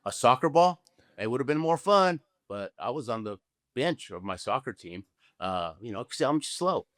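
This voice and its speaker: Older guy from argentina, animated storyteller, does the voices, dry close mic. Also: medium pitch, moderate pace, dry recording. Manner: animated storyteller, acts out dialogue, frequent "okay?" tag questions. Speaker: guest, Olympic luge athlete. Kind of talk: storytelling interview answer.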